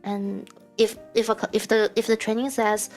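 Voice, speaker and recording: A woman's voice: on the high side, flat delivery, moderate pace, darkish tone, soft background music. A woman VTuber and programmer answering interview questions in a chatty way, laughing between words.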